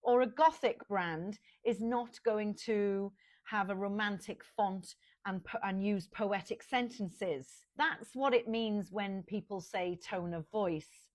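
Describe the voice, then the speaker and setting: A woman's voice: medium pitch, takes it slowly. Woman, fashion consultant, casual direct-to-camera advice, conversational with small restarts.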